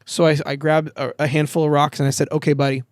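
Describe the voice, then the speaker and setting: A man chatting as a podcast guest outdoors, telling lively stories, acting out quoted lines and swearing casually. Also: fairly high pitch, quick pace, no echo, clean studio sound. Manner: animated storyteller, acts out quoted voices, swears casually. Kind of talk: casual chat. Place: outdoor backyard.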